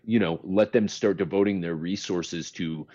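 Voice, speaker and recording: Male podcast co-host, deep voice, earnest and pleading, muffled lo-fi audio. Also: normal speed, warm tone. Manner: impassioned, pleading, repeats himself. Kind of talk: casual chat.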